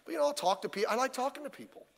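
A male pastor rattles off a midweek sermon rapid-fire, his very high voice full of lively intonation. He chats with the congregation in a folksy way, posing lots of rhetorical questions, while the church hall reverberates.

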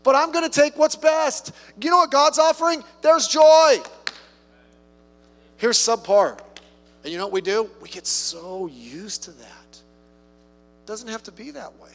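A man's voice: extremely high pitch, a little slow, long pauses, faint music behind. A man preaching a sermon in a conversational way, with rhetorical questions and humorous asides. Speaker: pastor. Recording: long reverb from a hall.

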